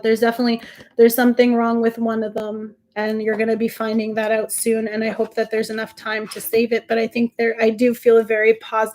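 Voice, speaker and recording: Emotional tarot reader woman, slightly high voice. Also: a little mellow. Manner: emotional, reassuring, addresses viewers as honey and sweetheart; halting, restarts often. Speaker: tarot reader and livestream host. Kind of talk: live tarot reading.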